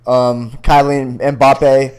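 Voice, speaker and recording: A young man co-hosts a sports podcast from a computer call, joking freely and swearing as he talks. His voice is smooth and clear, with a medium pitch. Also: little pitch movement, very slow, darkish tone. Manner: loose, swearing, joking banter. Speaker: podcast co-host. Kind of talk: casual sports chat.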